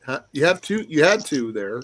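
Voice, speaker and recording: A man's voice: a little high, sing-song, normal speed, heavy background noise. A man co-hosting a casual podcast chat, rambling and laughing often. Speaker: co-host.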